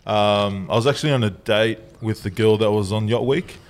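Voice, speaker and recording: A man's voice: lowish voice, moderate pace. A young Australian man co-hosting a podcast, telling crude stories in casual banter and laughing often. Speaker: podcast co-host.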